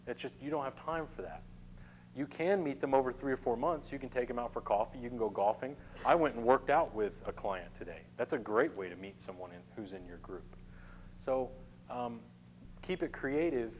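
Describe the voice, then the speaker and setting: A middle-aged man teaching a live networking workshop to a small group. He talks in a loose, conversational way, keeps checking in with the room, and his voice sits at an ordinary middle pitch. A faint hiss and hum run under the recording. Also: poor audio. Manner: conversational, addresses the room with frequent "okay?" check-ins. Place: meeting room with a small audience.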